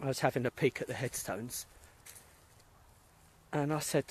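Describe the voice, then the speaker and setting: A man's voice: mid-range voice, animated, moderate pace, pauses often, slightly rough, dry recording. A middle-aged British man, a spiritualist medium, chatting casually and rambling as he greets viewers by name during a phone live stream while walking outdoors through a cemetery. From England. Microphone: phone held while walking.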